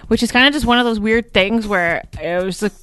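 A woman's voice: a little high, a little fast, fairly bright tone, clean tone. A young woman co-hosting a morning radio show, telling a story in a chatty, giggly way with lots of fillers. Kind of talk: casual on-air chat. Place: radio studio.

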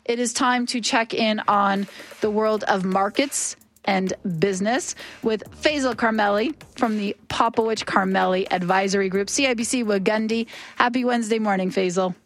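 A woman hosting a live morning radio show, animated and outspoken, with a high, youthful-sounding voice. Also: dry recording. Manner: animated and outspoken, talks fast when worked up. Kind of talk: live radio talk and interview.

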